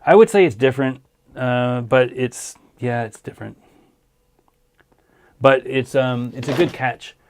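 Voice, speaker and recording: A man's voice: mid-range voice, measured pace, long pauses. A man hosting a casual livestream, answering viewer questions in an easygoing, hesitant way, tired and losing his voice. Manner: easygoing, hesitant with many ums.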